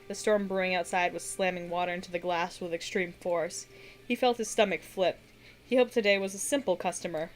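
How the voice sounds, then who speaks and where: A woman streamer reading her own fantasy story aloud in steady narration, with occasional slips she corrects. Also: mid-range voice, slight background noise.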